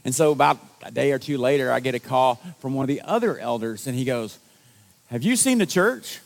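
A man's voice: mid-range voice, fast talker, vocal fry. A male pastor giving a sermon to his congregation in a conversational, self-deprecating storytelling manner. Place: church service.

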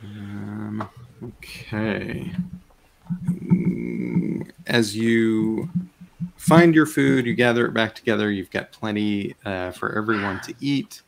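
Slow, low-voiced man narrating a game. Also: big pitch swings, creaky. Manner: meandering, hesitant narration with many fillers. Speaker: game master.

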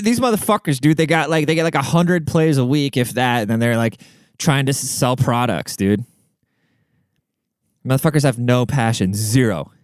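Solo podcast host, young adult man, cocky and foul-mouthed, smooth voice, dry close sound. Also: medium pitch, no room sound. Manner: brash, profane, swaggering.

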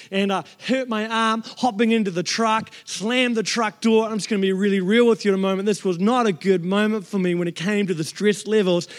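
A man, a pastor telling a personal story in an earnest sermon that rises to shouts. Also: sits high. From New Zealand. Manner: earnest, passionate, rising to shouts.

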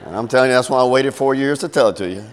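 A man's voice: mid-range voice, racing. A middle-aged man preaching a sermon, telling a story and acting out its voices with big swings. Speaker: pastor. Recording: long hall reverb.

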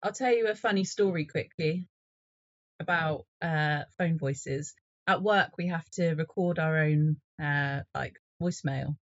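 A young Englishwoman chats as a podcast guest, down-to-earth and quick to laugh. Her voice is a little husky, and the sound is dry and close. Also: low-pitched, no echo, dull audio. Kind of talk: casual chat.

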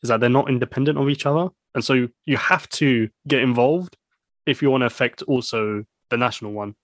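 A man's voice: mid-range voice, brisk, dry recording, studio quality. A man hosting a casual political chat, easygoing, agreeing often and asking thoughtful questions.

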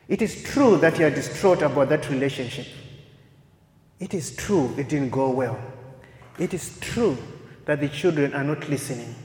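A man preaching a sermon, emphatic and repetitive, swinging from loud peaks to soft, quiet phrases. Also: fairly high pitch. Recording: echoey hall with long reverb.

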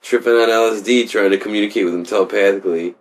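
A man's voice: on the low side, steady tone, racing. A young man co-hosting a podcast in casual, crude, rambling chat full of jokes. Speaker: podcast co-host.

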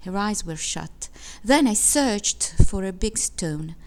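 A woman reading a literary short story aloud in a measured, expressive way. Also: mid-range voice. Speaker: reader.

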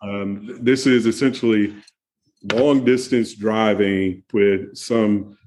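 A man's voice: lowish voice, fairly even intonation, slow, a little mellow, slight background noise. A man telling road-trip stories in casual chat, laughing often and restarting his sentences. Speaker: guest. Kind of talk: casual conversation.

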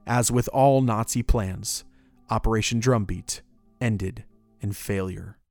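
A man's voice: on the low side, takes it slowly, a little mellow, faint music behind. A man narrating history in a casual, conversational way, with joking asides.

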